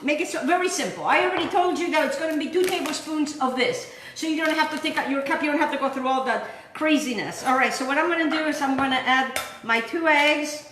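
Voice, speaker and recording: A woman's voice: high-pitched, fairly quick, few pauses, a bit bright, roomy sound, slight background noise. A woman hosting a home cooking video, chatty and effusive, rambling into stories with plenty of fillers. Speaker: cooking show host. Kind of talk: casual cooking demonstration.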